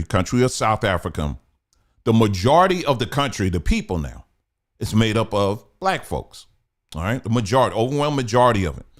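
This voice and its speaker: Low-voiced man giving earnest commentary. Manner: earnest, repetitive, checks listeners follow. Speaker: commentary channel host. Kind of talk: conversational commentary monologue.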